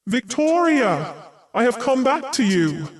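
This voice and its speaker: A woman reading an audiobook voices the ghost of a man calling slowly to his widow. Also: fairly high pitch, sing-song. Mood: spectral. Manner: slow, drawn-out calling.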